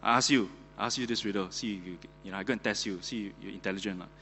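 A man voicing a boastful male superhero posing a riddle in a joke, in an excited, teasing manner. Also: on the low side, very fast, in a large hall, slight background noise. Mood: eager.

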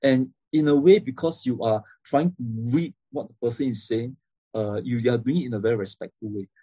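A man's voice: medium pitch, a little fast, mellow, breathy edge, dry recording. A man giving a classroom lecture, explaining step by step and often checking in with "okay?" and "right?".

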